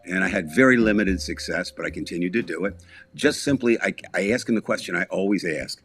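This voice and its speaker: A man's voice: deep voice, brisk, fairly bright tone, soft background music. A man chatting casually as a podcast co-host, telling a long story in a rambling way with restarts, asides and small chuckles.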